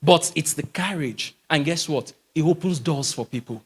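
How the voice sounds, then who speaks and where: A man's voice: a little high, normal speed, fairly bright tone, slightly rough. A man giving an emphatic live talk to a church audience, often asking rhetorical questions. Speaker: motivational speaker.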